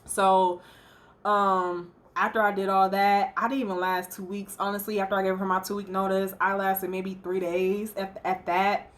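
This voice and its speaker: A woman's voice: mid-range voice, flat delivery, normal speed. A young woman, a hairstylist and salon owner, telling a personal story in a chatty, emotional way with many fillers. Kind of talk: casual storytime vlog.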